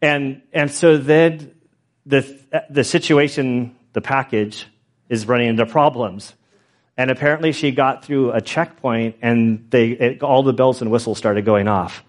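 A middle-aged pastor telling stories in a loose, self-deprecating sermon with many restarts and asides. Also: male voice, mid-range voice, a little slow. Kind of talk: conversational Bible teaching with stories.

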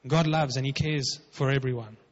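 A man's voice: medium pitch, steady tone, normal speed. A man preaching a sermon as pastor, emphatic and conversational, acting out quotes. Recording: dull, lo-fi with long hall reverb.

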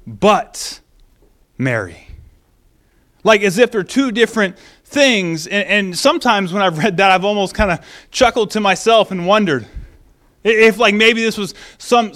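A male pastor with a high voice gives a relaxed, animated sermon. He reads scripture, prays, and talks through the story conversationally, often restarting his phrases. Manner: casual, animated teaching with restarts.

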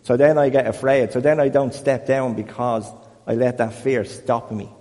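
A man leading an informal Bible talk for a small group, chatty and self-deprecating, growing more animated as he goes. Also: medium pitch, moderate pace, long reverb tail. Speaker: church group leader.

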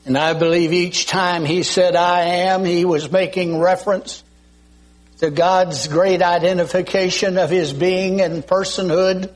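An older male pastor delivers a sermon at an unhurried, measured pace. His voice sits a little higher than most men's, and he often stops to clear his throat. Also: fairly even intonation, low-quality recording. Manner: slow, deliberate preaching with frequent throat clearing.

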